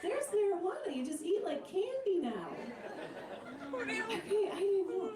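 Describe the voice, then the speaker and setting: A woman's voice: very high voice, sing-song, unhurried. A woman performing a stand-up comedy set, telling a wry story to a laughing audience. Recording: echoey live club from a distance with loud crowd.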